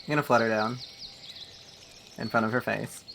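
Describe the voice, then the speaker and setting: Man player at a tabletop game, gravelly, bright, eager about his rolls. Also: mid-range voice, little pitch movement, normal speed, a little hiss or hum. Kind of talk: casual tabletop game play.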